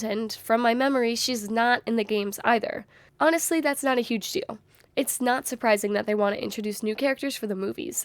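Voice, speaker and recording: A woman's voice: fairly high pitch, dry recording. A young woman with a strained, worn voice talking through fan theories in a thoughtful, speculative video essay. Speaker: YouTuber.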